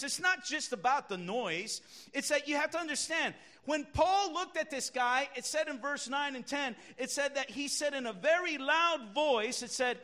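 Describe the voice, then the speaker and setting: Male pastor, sermon delivery, high bright voice, emphatic with loud outbursts. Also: moderate pace. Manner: emphatic preaching, swings from quiet to shouting.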